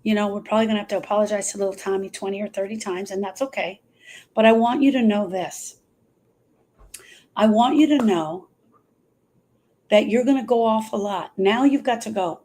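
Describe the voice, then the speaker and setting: A woman's voice: mid-range voice, brisk, pauses often, warm tone. A woman talking earnestly as a grief coach on a live stream, repeating phrases for emphasis.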